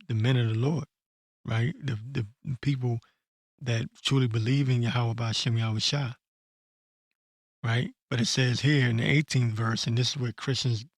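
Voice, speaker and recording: A man ranting bluntly and profanely in an unscripted commentary, stopping to read verses slowly and correct himself. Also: mid-range voice, no echo. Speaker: online commentator. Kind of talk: blunt unscripted rant with scripture reading.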